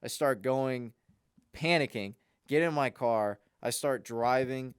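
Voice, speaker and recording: A young man, a podcast co-host, telling a long, rambling story in a casual, animated way. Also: medium pitch, slow, clean tone, dry recording, studio quality.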